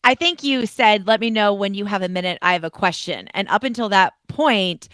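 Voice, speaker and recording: A woman's voice: mid-range voice, moderate pace, a bit bright, no room sound. A woman co-hosting a podcast, chatting casually in a blunt, teasing way. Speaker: podcast co-host. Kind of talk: casual chat.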